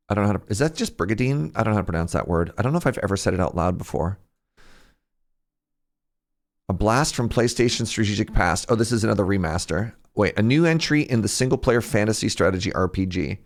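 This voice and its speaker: A young man with a lowish voice talks through a game showcase on his live stream. He rambles and corrects himself. His pitch jumps sharply whenever something catches his eye. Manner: rambling, chatty, quick pitch jumps when excited. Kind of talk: casual live-stream commentary.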